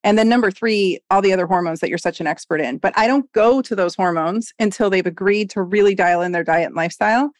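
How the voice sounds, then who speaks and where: A woman in her forties, a doctor guest on a podcast interview, talking in an animated, emphatic way. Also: mid-range voice, fast talker, few pauses, dry recording, clean studio sound. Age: 40s.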